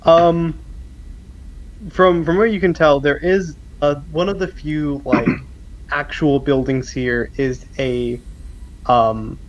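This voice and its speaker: A man's voice: fairly high pitch, fairly even intonation, slow, muffled recording. A man narrating as game master, describing scenes with many ums and restarts. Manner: hesitant, lots of ums while describing.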